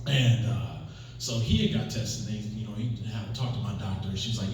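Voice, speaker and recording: A man doing a stand-up comedy set, telling stories with lively acted-out quotes. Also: lowish voice, moderate pace, background noise. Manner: animated storytelling with acted-out quotes. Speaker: stand-up comic. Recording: very echoey room, mic far off.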